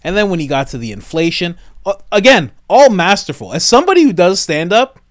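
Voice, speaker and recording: A man hosting comedic reaction commentary, talking in an animated, enthusiastic and chatty way. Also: high voice, brisk, dry recording, studio quality.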